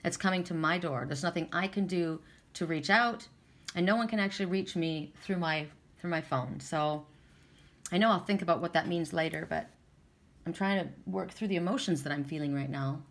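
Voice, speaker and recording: Woman, fairly low voice, casual tarot reader, chatty and emotional. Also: normal speed. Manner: emotional, tearful at times, chatty and repetitive. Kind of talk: casual spiritual card reading.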